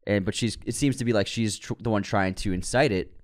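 A man co-hosting a casual movie news podcast, jokey and quick to swear. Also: lowish voice. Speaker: podcast co-host.

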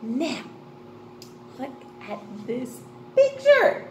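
Slow excited lady teaching phonics to little kids, high voice, bit of hiss. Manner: slow, sing-song and excited, gasping with delight. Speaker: kindergarten teacher. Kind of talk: online lesson for young children. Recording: echoey room with faint noise.

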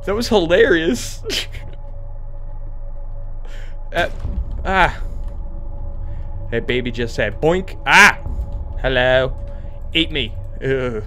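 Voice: mid-range voice, very animated, extremely slow, long pauses, pushed and bright, soft background music. A gamer commenting on a horror game, swearing constantly and breaking into screaming outbursts. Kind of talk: horror let's play commentary.

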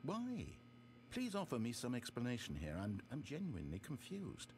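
A man's voice: medium pitch, wildly swooping pitch, moderate pace, darkish tone, a little hiss or hum. A man voicing a dry, sardonic narrator in a game, with wry, theatrical, exasperated asides. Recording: game audio with music behind.

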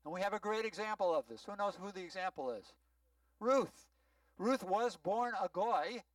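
A rabbi giving a sermon-style teaching, explaining words patiently and often checking whether the congregation follows. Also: male voice, high voice, lively intonation, normal speed, no echo, far from the mic, rough recording. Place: synagogue sanctuary.

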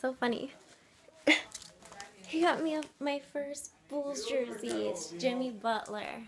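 A woman's voice: high-pitched, slow, creaky. A woman filming a casual family vlog at home, chatty and directing her family. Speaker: vlogger. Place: home during a family gathering. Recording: camera audio with chatter behind.

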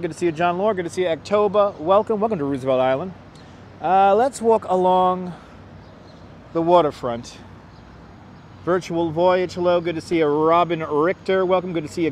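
A man from New York walks a city tour and greets his live stream viewers by name in an easy, chatty way. His voice sits a little high for a man. He talks into a clip-on mic, with faint city traffic noise behind him. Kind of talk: casual live-stream chat. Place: outdoors on city streets by a river. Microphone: wireless clip-on mic.

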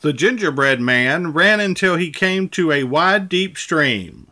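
A male storyteller reading a children's picture book aloud. He takes a very slow, measured pace, and his voice is bright and slightly high. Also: expressive.

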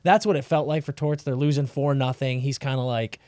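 A man co-hosting a sports podcast, ranting in casual chat with big swings between loud and quiet. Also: medium pitch, fairly quick, no room sound, studio quality. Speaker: podcast co-host.

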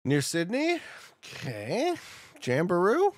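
A man streaming a geography game, chatting casually with his viewers and bursting out excitedly when he gets it right. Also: sits high, slow pace, dry recording, studio quality. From Canada. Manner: chatty, talks to chat, excitable outbursts. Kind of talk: casual live-stream commentary.

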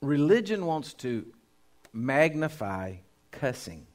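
A man, a pastor, preaching a sermon to his congregation. He speaks emphatically, dropping to a hush and then rising loud, and addresses the listeners directly. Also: on the high side, very animated, takes it slowly. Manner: emphatic preaching, swinging between hushed and loud.

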